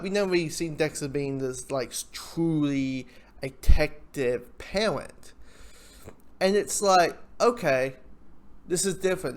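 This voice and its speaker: A TV reviewer giving a casual spoken episode review, excitable and swearing, loudly quoting their own reactions. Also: mid-range voice.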